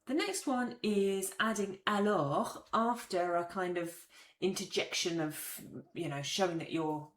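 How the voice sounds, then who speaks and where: A woman's voice: mid-range voice, measured pace. Chatty woman teaching, roomy sound. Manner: chatty, explanatory, acts out example phrases. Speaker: French language teacher. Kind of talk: casual video lesson.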